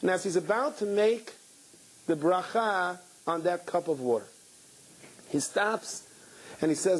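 A man giving an animated storytelling talk to a live audience as a guest speaker, with dramatic pauses. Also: sits high, poor audio. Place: event hall with an audience.

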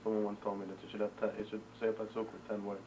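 Male class participant, flat and quick, questioning, off-mic. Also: on the low side. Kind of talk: questioning the teacher. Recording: distant from the mic, faint noise.

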